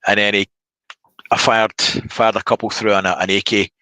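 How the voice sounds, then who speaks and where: Guy chatting, bright tone, dead dry sound. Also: fairly low pitch, normal speed, no room sound. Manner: relaxed storytelling with fillers. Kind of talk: casual chat.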